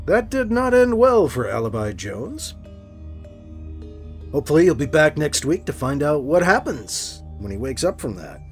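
Male author-host narrator, lively delivery, raspy gravel. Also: a little high, moderate pace, soft background music. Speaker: host and writer. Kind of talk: audiobook narration.

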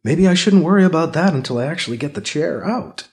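A man as a musing male space pilot, lively pitch. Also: fast talker. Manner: musing inner monologue.

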